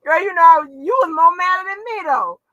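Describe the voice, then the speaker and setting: Brash, bright-voiced woman vlogger. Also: extremely high pitch, animated, moderate pace, no room sound, highs cut off. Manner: brash, profane and laughing, calls listeners baby and honey. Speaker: channel host. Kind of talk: casual chat to viewers.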